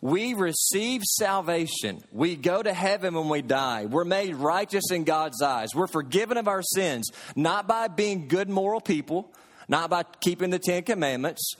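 A man's voice: on the high side, animated, a little slow. A man preaching a sermon as pastor, folksy and storytelling, in a church sanctuary.

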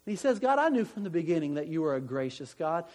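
A man's voice: fairly high pitch, very animated, quick pace, a little mellow, in a large hall. A man preaching a sermon in a conversational way, often restarting his sentences and poking fun at himself. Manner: conversational, self-deprecating, many restarts. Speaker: pastor.

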